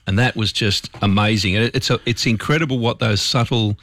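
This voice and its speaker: A man's voice: fairly low pitch, brisk, fairly bright tone, no echo. A man, a radio host, chatting casually in a studio interview in a jokey, self-deprecating way.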